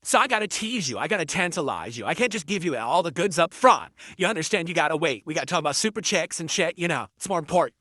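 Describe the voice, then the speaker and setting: Man, livestreamer, teasing, mocking, crisp bright tone, dry close sound. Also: a little high, lively intonation, quick pace, few pauses, no room sound. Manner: teasing, mocking, swears casually. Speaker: livestreamer reading super chats. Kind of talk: casual livestream chat.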